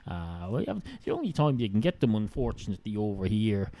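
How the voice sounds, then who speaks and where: A man's voice: on the low side, sing-song, brisk, warm tone, dry recording. A man with an Irish accent hosting a solo podcast, rambling sardonically with many fillers. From Ireland. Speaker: podcast host.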